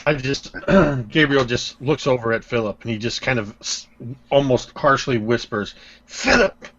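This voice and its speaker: A man playing a tabletop game, speaking in a thoughtful, measured way. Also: medium pitch, a bit bright, a little hiss or hum. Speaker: player. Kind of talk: in-character tabletop play. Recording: dull lo-fi audio.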